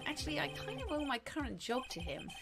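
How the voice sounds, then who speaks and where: Woman voicing a nervous, earnest young male lawyer for a game, high and lively. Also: fast, creaky, music in the background, heavily acted.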